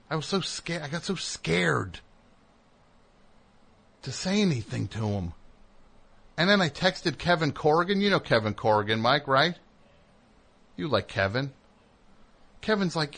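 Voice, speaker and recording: Casual host, male, animated storyteller who acts out other voices. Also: on the high side, measured pace, creaky, pauses often. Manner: animated storyteller, mimics people in raised voices. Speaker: comedy radio host.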